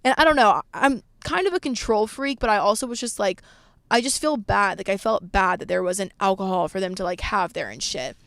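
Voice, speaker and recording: A woman's voice: medium pitch, brisk, a bit bright, no echo. A woman in her twenties telling a candid, rambling story in a casual vlog, swearing freely and saying "like" often. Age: 20s. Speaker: vlogger.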